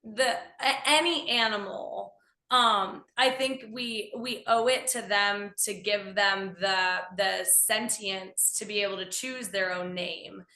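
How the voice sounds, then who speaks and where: Female guest, bright and forceful voice, eager and expressive, recorded in a roomy, echoing space. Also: mid-range voice, takes it slowly. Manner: enthusiastic, acts out voices in quotes. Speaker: guest, animal communicator. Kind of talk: casual conversational interview. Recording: echoey room.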